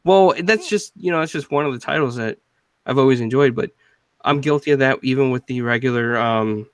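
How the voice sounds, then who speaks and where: A man hosting a casual gaming podcast, talking in a halting way with restarts and fillers. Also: medium pitch, fairly even intonation, clean tone, no echo, poor audio. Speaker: podcast host. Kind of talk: casual chat.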